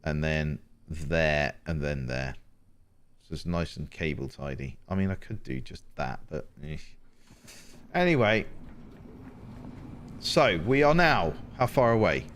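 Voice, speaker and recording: A man, chatting to himself and his viewers while playing a game, with animated exclamations. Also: very deep voice, measured pace, long pauses. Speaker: game streamer. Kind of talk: casual gameplay commentary.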